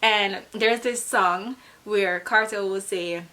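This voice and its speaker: A woman's voice: medium pitch, takes it slowly, fairly bright tone. A young woman from Jamaica with a Jamaican accent, talking to camera in a laid-back, chatty way and laughing at herself now and then. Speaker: vlogger. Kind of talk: casual explainer to camera.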